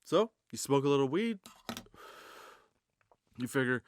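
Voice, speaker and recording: A man's voice: mid-range voice, big pitch swings, unhurried, pauses often, no echo. A man hosting a comedy podcast, rambling through a casual, profane stoner monologue. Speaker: podcast host. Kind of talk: comedic stand-up style monologue.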